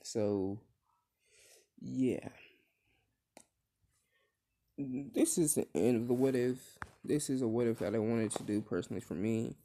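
Slow, mellow-voiced rambling male storyteller. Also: medium pitch. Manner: rambling, many fillers and restarts, swears at slips. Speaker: fan-fiction storyteller. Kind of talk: casual storytelling.

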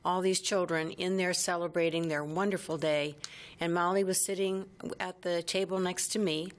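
A woman's voice: lowish voice, fairly even intonation, moderate pace. A woman co-hosting a podcast, affirming and adding to her husband's story in a casual, supportive way. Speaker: podcast co-host. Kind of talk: casual conversation.

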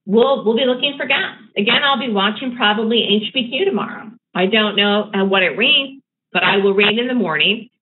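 A middle-aged woman teaching day trading in an online webinar, talking in a brisk, emphatic, repetitive coaching manner. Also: medium pitch. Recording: tinny phone-like line with faint noise.

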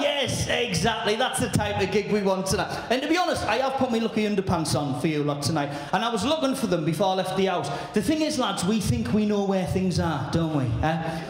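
A brash comedian warms up a crowd, swearing freely and shouting his punchlines. His voice runs high and lively. The sound booms around a very echoey venue. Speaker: warm-up comedian. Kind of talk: stand-up comedy.

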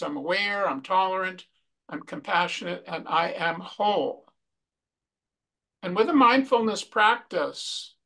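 A man presenting a mindfulness workshop from slides, speaking slowly and reflectively and repeating key phrases. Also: high-pitched, gravelly, pushed and bright. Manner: slow, repetitive, reflective delivery.

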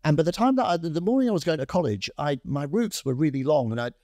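A man's voice: a little high, fast, dry recording, clean studio sound. Rambling storyteller man in his fifties. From Scotland. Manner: rambling, lively storyteller with many fillers and restarts. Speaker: guest, fashion brand founder. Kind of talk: anecdotal interview storytelling.

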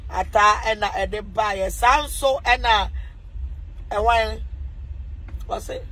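A woman with a Ghanaian accent hosting a casual livestream, animated and teasing, pleading with viewers and swinging between laughter and mock crying. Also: medium pitch, slow. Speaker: livestream host asking viewers for money.

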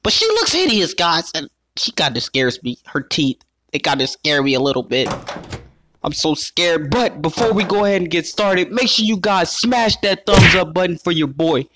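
A man with a slightly high voice giving let's play commentary. He sounds excitable and keeps talking straight to his viewers as he plays. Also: moderate pace, background noise. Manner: excitable, calls himself "your boy", keeps addressing viewers as guys. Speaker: gaming YouTuber.

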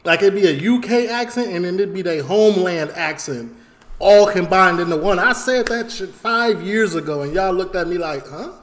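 A man reacting live on stream, excitable and chatting to his viewers. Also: sits high, moderate pace. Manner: excitable, laughing, talks to chat.

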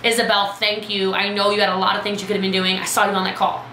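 A woman coaching her team on a live video, chatty and lively, calling out viewers by name. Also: mid-range voice, fast talker, roomy sound, a little hiss or hum, low-quality recording. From Texas. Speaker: business coach.

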